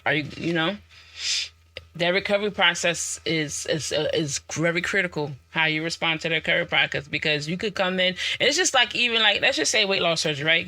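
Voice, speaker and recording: Woman host, piercing bright tone, lively testimony, repeats herself and talks straight to listeners. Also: sits low, no room sound. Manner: animated, storytelling, acts out quoted dialogue; repetitive, conversational, addresses listeners directly. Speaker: podcast host. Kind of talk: personal testimony talk.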